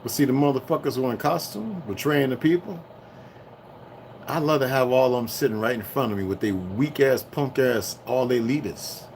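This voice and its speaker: A man ranting to his viewers in a loose, profane monologue that swings between heated outbursts and low muttering. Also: moderate pace, gravelly, darkish tone, a little hiss or hum. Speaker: vlogger. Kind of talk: rambling solo rant.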